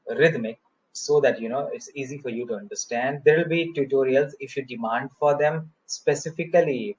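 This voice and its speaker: A man teaching English poetry in a recorded lecture, explaining terms slowly and chanting verse lines in a measured rhythm. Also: medium pitch, poor audio.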